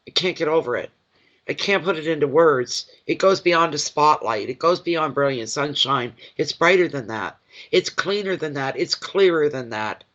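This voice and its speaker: A man's voice: fairly high pitch, expressive, a bit bright, lo-fi sound. Awed man giving a psychic reading. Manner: emotional, awed, halting with many restarts. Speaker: intuitive card reader.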